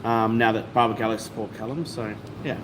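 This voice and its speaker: A man's voice: lowish voice, fairly even intonation, brisk. A laid-back man, a sign maker, answering questions casually in a race car shop and trailing off at the ends of his sentences. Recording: echoey shop with background noise.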